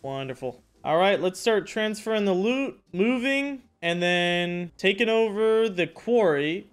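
A young man giving casual, excitable commentary over his own survival game playthrough, loose and slangy. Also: sits high, measured pace, clean tone. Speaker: gaming YouTuber. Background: background music.

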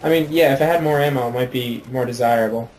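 A man's voice: mid-range voice, fast talker, a little mellow, slight background noise, poor audio. An American man chatting casually and loosely while playing a game. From United States. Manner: easygoing, rambling explanations. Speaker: gaming co-commentator. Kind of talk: casual gameplay chat.

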